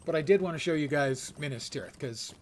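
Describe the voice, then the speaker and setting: A man's voice: fairly high pitch, fairly quick, slight background noise. Wry older man streaming a game. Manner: wry, rambling, self-mocking asides. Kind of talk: live gameplay commentary.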